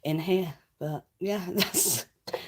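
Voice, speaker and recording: A woman's voice: on the low side, measured pace, vocal fry, a little mellow. A woman hosting a casual livestream, chatting cheekily with viewers and laughing often. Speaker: livestream host.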